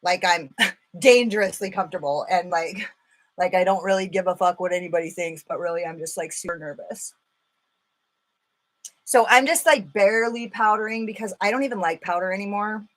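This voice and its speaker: A woman's voice: mid-range voice, moderate pace. A woman hosting a casual makeup live stream, rambling and swearing freely, full of filler words. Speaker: makeup livestream host.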